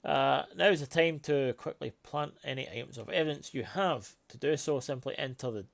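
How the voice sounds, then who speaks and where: Gravelly-voiced man playing a story game. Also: mid-range voice, normal speed. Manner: musing, hesitant. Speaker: player.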